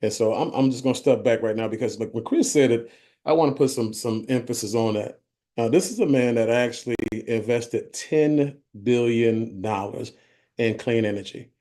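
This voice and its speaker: Mellow-voiced man pitching a company. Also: normal speed. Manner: conversational, checks in with "okay?". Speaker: company vice president presenting. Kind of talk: business presentation.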